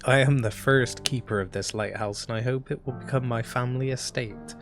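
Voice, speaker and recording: A man voicing an old sea captain lighthouse keeper, reading his diary slowly and in a measured way. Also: medium pitch, steady tone, faint music behind, lightly acted. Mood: wistful.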